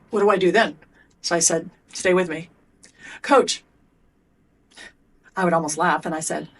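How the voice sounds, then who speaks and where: A middle-aged woman speaks as a podcast guest. Her voice sits somewhat low, and her talk is blunt and lively. She swears casually and acts out the coach and the athlete in turn. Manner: animated storyteller acting out coach and athlete exchanges. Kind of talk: podcast interview.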